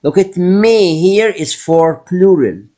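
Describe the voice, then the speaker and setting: Slow, patient male French teacher. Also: high voice, expressive, dark tone. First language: Arabic. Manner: explains in English, repeats French words slowly. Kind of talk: slow classroom language lesson.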